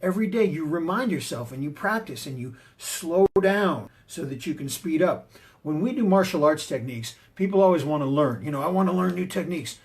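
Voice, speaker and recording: A man's voice: on the high side, animated, moderate pace, a little mellow. A man giving a motivational talk on confidence, emphatic and punchy, telling personal stories to drive his points home. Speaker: motivational speaker and martial arts teacher.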